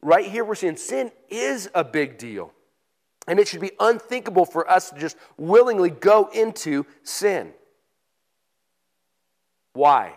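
Man, pastor, high voice, casual sermon, emphatic scripture reading. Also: very animated, slow, long pauses. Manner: conversational preaching, reads scripture aloud with emphasis.

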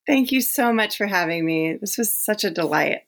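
A woman guest on a podcast, chatting warmly and effusively about creative work, often laughing. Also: medium pitch, expressive, moderate pace, gravelly. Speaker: podcast guest, workshop leader and performer. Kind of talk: casual interview chat.

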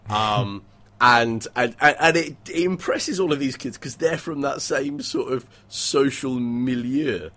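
A man co-hosting a casual book discussion podcast, talking in an animated, wry way. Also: mid-range voice, unhurried. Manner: animated, wry, breaks into mock voices and laughter. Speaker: podcast co-host discussing a novel.

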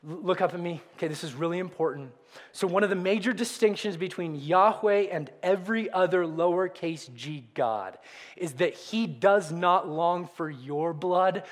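A man in middle age delivers a sermon with a fairly high voice. He pushes key words out loudly, then drops almost to a whisper. His voice carries a long hall reverb, as in a large church. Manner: dynamic preaching, swings from loud emphasis to near whisper. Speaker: pastor.

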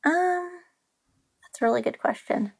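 A woman's voice: sits high, lively intonation, measured pace, gravelly. Candid, emotional woman podcast guest. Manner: open, emotional, rambling, occasional swearing. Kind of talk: candid casual chat.

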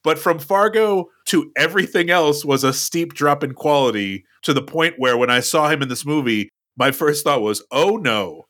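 Bright-voiced wry man recapping. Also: a little high, normal speed, hardly any pauses. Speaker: podcast co-host. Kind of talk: casual chat, recapping a film.

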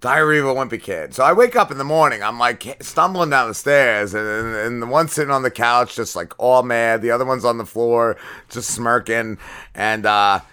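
A man's voice: medium pitch, normal speed, pushed and bright, smooth. A man co-hosting a casual podcast interview, swearing freely and laughing often. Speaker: podcast co-host.

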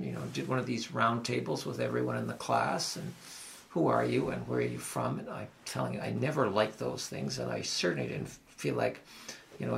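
An older man with an Ottawa Valley, Canada accent hosts a local talk show, telling stories in a rambling, reflective way full of restarts and asides. His mid-range voice is creaky and a bit bright, with slight background noise.

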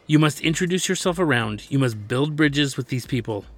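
A man's voice: medium pitch, lively intonation, normal speed, pitched above the performer's own voice. A man voicing a stern, formal male manager and loyal servant, speaking insistently.

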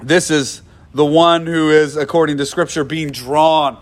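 A man's voice: a little high, steady tone, unhurried. A male pastor delivering a sermon in an earnest voice, repeating phrases for emphasis and often restarting his sentences.

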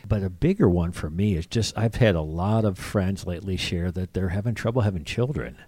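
A man's voice: low-pitched, warm tone, no echo. A man co-hosting a casual faith podcast, speaking in a reflective, heartfelt way. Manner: reflective, heartfelt, with quick asides.

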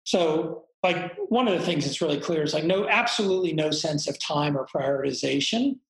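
A man's voice: on the high side, moderate pace, fairly bright tone. A middle-aged man frankly and reflectively telling a personal story in conversation, swearing casually now and then. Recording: roomy echo.

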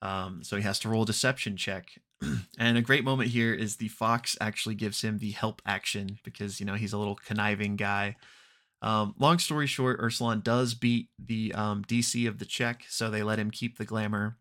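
A man hosting a podcast, casually recapping an actual-play episode with many ums and quick acted-out quotes. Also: fairly low pitch. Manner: relaxed, unhurried retelling with frequent ums and throat clearing; briefly acts out characters' lines in quoted voices.

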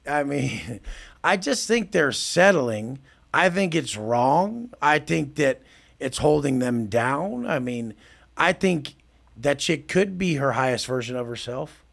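A man's voice: medium pitch, big pitch swings, unhurried, gravelly, a bit bright. A man speaking as a podcast guest, in a blunt, intense and profane casual style. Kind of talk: casual talk.

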